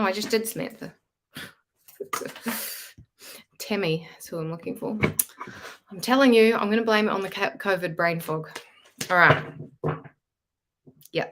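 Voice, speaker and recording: A woman's voice: lowish voice, noisy background. A woman giving live-streamed tarot readings in a chatty, frank and casual way, swearing freely. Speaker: tarot reader.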